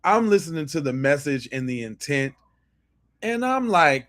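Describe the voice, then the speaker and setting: A man's voice: on the high side, sing-song, normal speed, fairly bright tone. A man hosting a podcast, giving blunt, profane commentary on video clips and often repeating and restarting his phrases. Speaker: podcast host.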